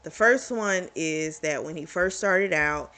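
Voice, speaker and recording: A book reviewer talks through a romance novel's plot in a loose, chatty way. The voice sits at a middling pitch, neither high nor low. Quick reactions and laughs break into the retelling. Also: pushed and bright. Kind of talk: casual book recap.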